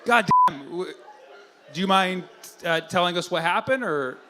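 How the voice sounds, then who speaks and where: A man doing stand-up crowd work, teasing and profane in quick banter with the audience. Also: high-pitched, noisy background. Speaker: stand-up comedian. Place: comedy club stage.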